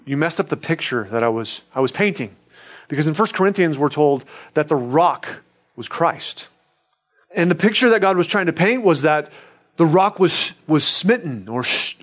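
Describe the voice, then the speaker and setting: A high-voiced male pastor delivers an earnest sermon conversationally, frequently checking in with his listeners.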